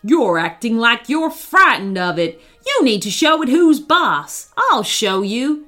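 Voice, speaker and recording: A woman's voice: fairly high pitch, very animated, sharp tone, faint music behind, full character voice. Woman doing a bossy, grumpy crook man. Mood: scolding. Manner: bellowing, snappy, drawn-out scolding.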